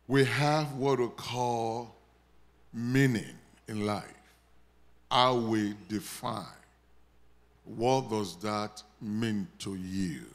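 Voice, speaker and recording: Nigerian-accented preacher, slow and deliberate. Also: male voice, fairly low pitch. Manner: call-and-response preaching, prompting the congregation to repeat words; builds to loud declarations when praying over the congregation. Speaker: pastor. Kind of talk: sermon.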